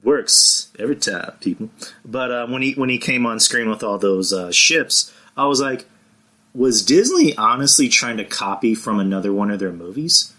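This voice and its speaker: A man's voice: medium pitch, animated, normal speed, sharp tone. A man chatting casually on a podcast, rambling with frequent restarts and casual swearing. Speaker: podcast co-host.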